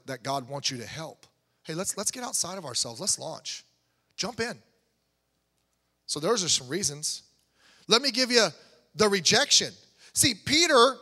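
A man preaching a sermon in a conversational, animated way, building to emphatic peaks. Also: high voice. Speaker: pastor. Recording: long hall reverb.

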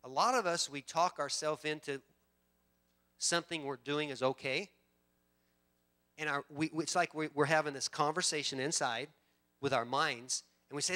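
Emphatic preacher man, bright voice. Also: a little high, moderate pace. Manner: emphatic, swings between loud bursts and hushed storytelling. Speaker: pastor. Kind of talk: sermon.

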